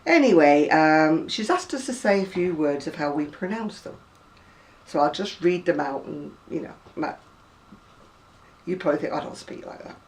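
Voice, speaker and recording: A woman in her sixties with a softened Lancashire accent from the Oldham area, chatting in a rambling way with many asides and reading out words one by one. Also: low voice, animated, moderate pace. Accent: Lancashire, Oldham area, softened by years near Manchester. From Lancashire, England. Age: 60s. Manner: rambling and conversational, with asides and self-corrections. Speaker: home video blogger. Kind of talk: chatty video reply, reading a word list aloud. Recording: voice a little distant from the mic.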